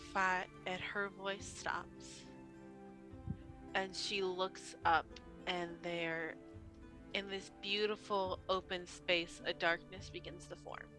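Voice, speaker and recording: A woman narrating as game master of a tabletop role-playing game, telling the scene slowly and gently. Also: on the low side, poor audio.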